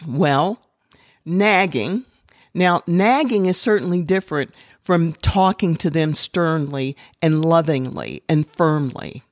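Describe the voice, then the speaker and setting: Middle-aged woman, slow deliberate parenting talk, earnest, dry close recording. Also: fairly low pitch, no room sound. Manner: earnest, quotes examples in acted tones. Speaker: parenting speaker.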